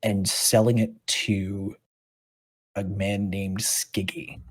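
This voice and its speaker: Husky-voiced man running a game. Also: on the low side, no room sound, studio quality. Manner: halting, relaxed narration with restarts. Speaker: dungeon master.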